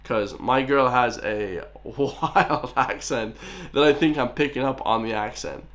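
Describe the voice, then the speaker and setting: A young Irish man chatting casually as he reacts to a video, excitable and rambling, with plenty of filler words. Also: mid-range voice, measured pace. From Ireland. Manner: excitable, rambling, lots of "like" and "guys".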